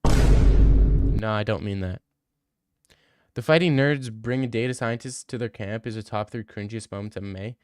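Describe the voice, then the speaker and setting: A man's voice: lowish voice, normal speed, pauses often, a little mellow, clean tone, dry recording. A young man, chatting casually on a live stream and answering his chat in a brash, joking way. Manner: brash, joking, swears a lot.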